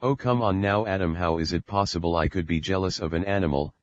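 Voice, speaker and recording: A man's voice: low-pitched, quick pace, no room sound, lo-fi sound, close to an everyday voice. A man voicing a jealous, quarrelsome young woman in an audiobook, speaking in a bickering, defensive way.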